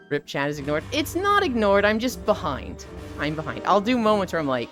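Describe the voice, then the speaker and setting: Animated young woman streamer. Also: medium pitch, normal speed, few pauses, soft background music. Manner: chatty, animated, acts out game characters' lines. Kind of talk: casual live-stream chat.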